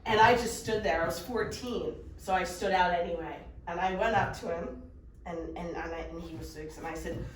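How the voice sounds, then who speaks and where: A middle-aged woman, a mindset coach, telling a story in a lively, fast way to a live workshop audience. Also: on the low side, slight background noise. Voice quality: animated, fast storytelling with laughs. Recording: echoey room, voice from far off.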